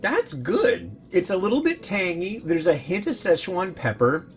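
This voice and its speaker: A man's voice: high-pitched, big pitch swings, a little slow, faint music behind. A man who reviews instant noodles, chatting casually and rambling to his viewers as he cooks and tastes. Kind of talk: casual chat while cooking and tasting.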